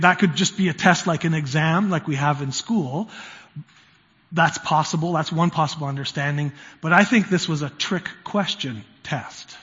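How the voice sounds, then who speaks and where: A man's voice: fairly high pitch, fairly bright tone. A male pastor preaching a conversational sermon, swelling to emphasis on key words in a church sanctuary. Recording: reverberant, muffled church hall sound.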